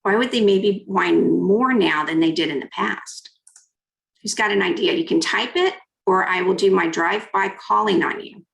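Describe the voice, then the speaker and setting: A woman's voice: medium pitch, normal speed, creaky, roomy sound, poor audio. A woman giving an interactive keynote on negotiation, coaching her audience through hand exercises and reading out their typed comments. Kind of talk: interactive online workshop talk.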